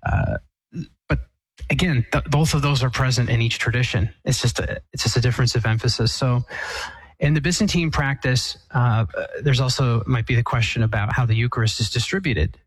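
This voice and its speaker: A man's voice: medium pitch, a little fast, breathy edge, no echo, rough recording. A man, an Eastern Catholic priest, answering a caller's question in an earnest, thoughtful way, often restarting his sentences. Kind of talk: explanatory call-in answer.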